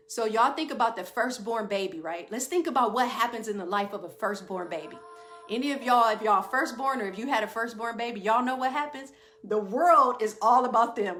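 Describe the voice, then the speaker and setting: A woman with a mid-range, slightly bright voice gives an informal talk on trauma and stress to a group. She calls them y'all, asks them questions, and speaks in short rising phrases with tag questions.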